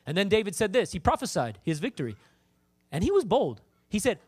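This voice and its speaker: A man preaching a lively sermon to a congregation, emphatic and calling out to them. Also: sits high, fast. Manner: animated, emphatic, calls out to the congregation. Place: church with congregation.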